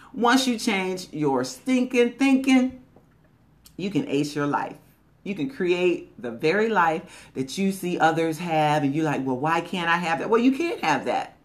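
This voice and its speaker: A woman's voice: on the low side, fairly bright tone. Emphatic woman giving a motivational talk. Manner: emphatic and repetitive, drawing out key phrases; conversational, folksy phrasing. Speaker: motivational speaker.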